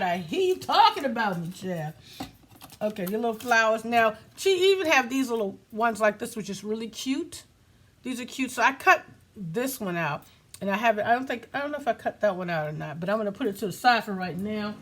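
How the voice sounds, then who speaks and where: Woman, casual crafting chat, bright tone, faint background noise. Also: fairly high pitch. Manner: chatty, laughs at herself, talks to viewers as y'all. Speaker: crafting video host.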